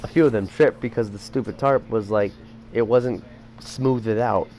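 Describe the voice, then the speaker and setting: A teenage boy rambles through a casual school story, leaning on fillers like "you know" and "like." His voice sits a little low for his age. A faint hiss of noise hangs behind him. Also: normal speed, mellow. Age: teens. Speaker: vlogger.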